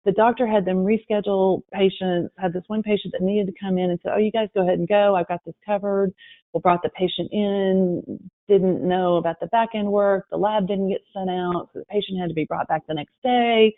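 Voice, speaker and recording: A woman presents a webinar, telling workplace stories with lively quoted voices. Her voice comes through a thin, phone-like line with no room sound at all. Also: medium pitch, normal speed, dry recording. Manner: lively storytelling, acting out quotes. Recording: tinny phone-line audio.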